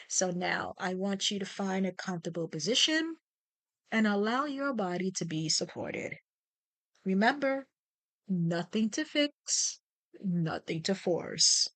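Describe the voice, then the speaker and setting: Slow-spoken woman guiding a meditation. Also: medium pitch, no echo. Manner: slow, soothing, gently instructive. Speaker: meditation guide. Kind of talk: guided meditation. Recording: music playing behind the voice. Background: new-age music.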